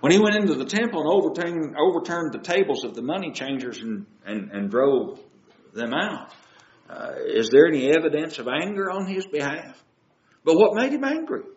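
A man's voice: fairly high pitch, animated, normal speed, a little mellow, echoey room, dull audio. A man preaching a sermon, asking his listeners question after question. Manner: asks the audience many questions.

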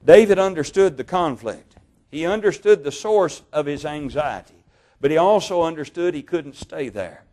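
A man preaching a sermon, reading Bible passages in a measured way, slowing down on key words and correcting his own slips. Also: fairly high pitch, animated, warm tone. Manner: measured, slow over key words, stumbles on names and corrects himself.

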